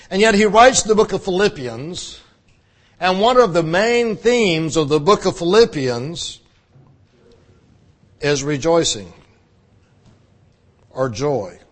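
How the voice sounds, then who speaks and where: A male pastor preaching a conversational sermon, repeating phrases for emphasis. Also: sits high.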